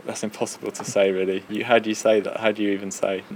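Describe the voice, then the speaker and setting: Brief: male podcast co-host, lowish voice, relaxed, self-deprecating, stops and restarts often. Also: fast talker, slight background noise, low-quality recording. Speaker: podcast co-host, game developer. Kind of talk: casual chat.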